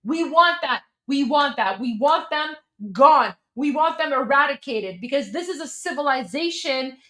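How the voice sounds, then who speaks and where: A woman's voice: high voice, lively intonation, moderate pace, pushed and bright. A young adult woman from Iran, hosting a live stream and reacting to a hearing with heated, scornful commentary, often repeating herself for emphasis.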